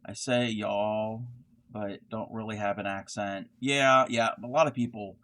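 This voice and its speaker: Middle-aged man, fairly low voice, chatty livestream host who rambles between stitches. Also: steady tone, a little slow, bright, forceful tone. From Baltimore area, Maryland. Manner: rambling, answers chat while crocheting. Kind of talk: casual live-stream chat.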